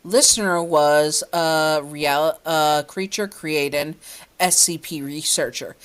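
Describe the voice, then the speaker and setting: A woman with a low, deep voice reads her fan fiction aloud in a casual, unpolished way. She is chatty and often stops to comment on her own text or correct a slip. It sounds like an amateur home reading.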